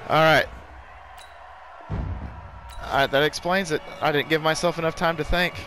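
A young man giving excitable live commentary while playing a football video game, full of exclamations and mild curses. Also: on the high side, unhurried, over music. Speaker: gaming YouTuber.

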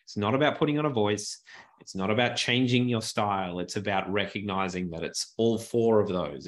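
A man teaching presentation skills in a webinar from his home office, animated and deliberately varying his pace and tone, on a good desk microphone. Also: lowish voice.

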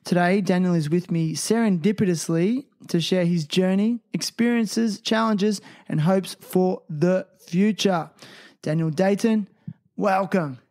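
A podcast host keeps things casual, playful and teasing, and reads sponsor ads with enthusiasm. His voice sits high and slightly mellow, and he takes his time.

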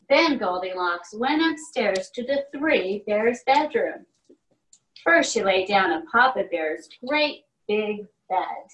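A woman preschool teacher reads a storybook aloud to children, slow, animated and expressive, in a slightly high voice. She is heard from far off in an echoey classroom.

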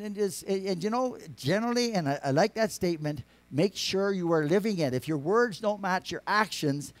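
A man preaching a sermon, rambling with many restarts, rising to emphatic lines and dropping to quiet asides. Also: fairly high pitch, no echo. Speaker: pastor.

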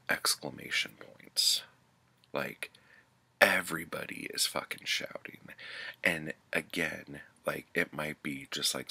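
A man with a very deep voice reviews a book in a loose, chatty way, leaning on filler words and dropping the odd curse. His tone is husky and gravelly yet has a bright edge. He talks slowly and unhurriedly. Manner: loose and chatty, full of "like" and "um", swears freely.

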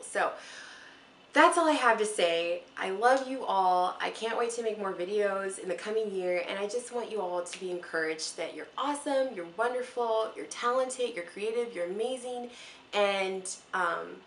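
A young woman vlogging to her viewers, talking in an earnest, rambling, encouraging way and close to tears at times. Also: fairly low pitch. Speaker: mom vlogger. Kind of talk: casual heartfelt talk to camera. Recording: echoey room with faint ambient noise.

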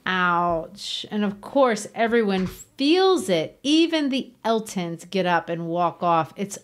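A woman's voice: mid-range voice, big pitch swings, slow pace. Earnest woman explaining a novel. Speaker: podcast host. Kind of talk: literature discussion.

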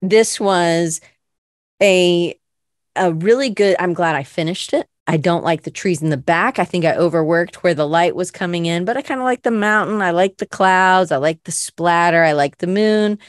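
A woman's voice: lowish voice, moderate pace, dry recording, clean studio sound. A woman hosting a live creative show, chatting in a rambling, self-deprecating way full of fillers. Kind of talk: casual chat.

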